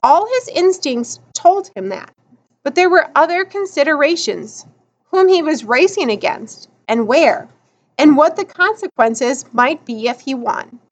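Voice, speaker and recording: A woman narrating a children's novel aloud in an expressive storytelling manner. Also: high-pitched, a little slow, low-quality recording. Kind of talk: audiobook narration.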